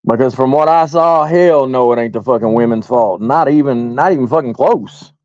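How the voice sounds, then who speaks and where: A man's voice: medium pitch, moderate pace, a little mellow, dry recording. Heated cursing man on a lo-fi stream. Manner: rambling, swears constantly, addresses viewers directly. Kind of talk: heated profane rant. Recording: dull lo-fi audio.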